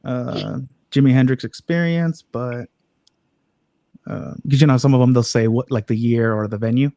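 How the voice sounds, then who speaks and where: A man's voice: medium pitch, normal speed, gravelly, warm tone, dry recording. A man co-hosting a casual livestream chat, giving laid-back, agreeable replies.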